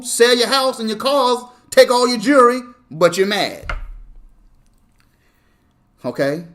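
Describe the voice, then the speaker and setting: A man's voice: high voice, fairly bright tone. A male pastor preaching in a conversational way, often checking in with the congregation and acting out parents and children. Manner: conversational, repeats "okay?" to the congregation; acts out parents and kids in quoted voices. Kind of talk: sermon.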